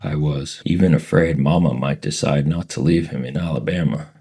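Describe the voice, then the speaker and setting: A man reading a novel aloud in an even storytelling manner, with a very deep, gravelly, husky voice. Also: moderate pace. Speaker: audiobook reader.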